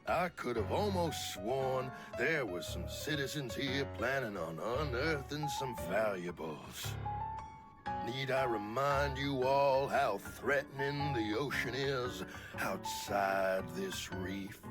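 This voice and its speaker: A stern, formal authority figure, played by a man addresses citizens in a video game, admonishing them slowly and deliberately. His pitch moves a lot. Loud music plays behind him. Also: animated.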